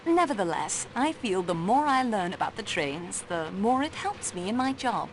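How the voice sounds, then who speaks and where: A woman's voice: mid-range voice, very animated, moderate pace, background noise, close to an everyday voice. A woman playing an eager young train investigator. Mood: earnest. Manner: polite, eager, apologetic. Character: earnest young female train company investigator. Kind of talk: game voice acting. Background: game music.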